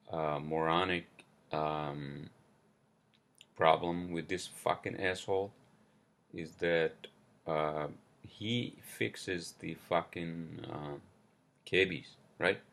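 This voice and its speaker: Male podcast host, gravelly slow voice, furious profane solo rant. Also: low voice, fairly bright tone. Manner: angry, profane, halting with many fillers and apologies. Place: New York.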